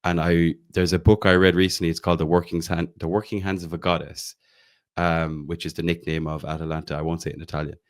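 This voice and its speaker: A man's voice: low voice, level tone, fast talker. An Irish man from Galway co-hosting a football podcast, rambling enthusiastically and often restarting his sentences. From Ireland, County Galway. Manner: rambling, self-correcting, enthusiastic. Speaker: podcast co-host. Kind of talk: casual football podcast chat.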